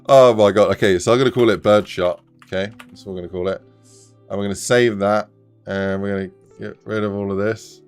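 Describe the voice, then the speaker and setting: Excitable low-voiced male streamer. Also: fairly quick, clean tone, soft background music. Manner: excitable, swears, laughs often, bursts into shouts. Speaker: game developer streamer. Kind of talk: casual live stream chat.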